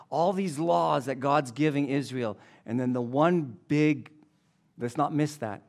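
A man's voice: medium pitch, a little slow, creaky, darkish tone. A man preaching a sermon as pastor, reading scripture, telling jokes and repeating key phrases for emphasis.

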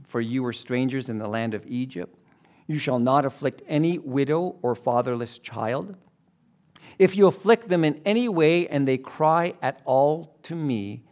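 A man's voice: mid-range voice, a little mellow. A man preaching a sermon as pastor, reading scripture, telling jokes and repeating key phrases for emphasis.

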